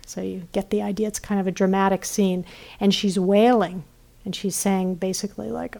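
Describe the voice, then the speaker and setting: A woman meditation teacher giving a gentle dharma talk, often checking in with listeners and trailing off softly. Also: medium pitch, fairly even intonation, a little fast, vocal fry. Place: retreat center.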